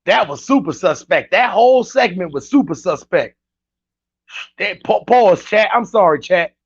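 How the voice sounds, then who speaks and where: A man hosting casual reaction commentary, animated and incredulous, talking straight to his chat. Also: sits high, unhurried, breathy edge, dry recording, lo-fi sound. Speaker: commentary host reacting to clips.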